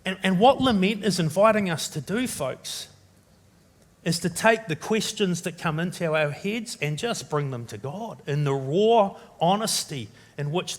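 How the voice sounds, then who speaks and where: A high-pitched male pastor from New Zealand delivers a sermon in an earnest, searching tone. He grows dramatic and rises sharply in pitch and volume when he voices the desperate questions of the scripture's writer.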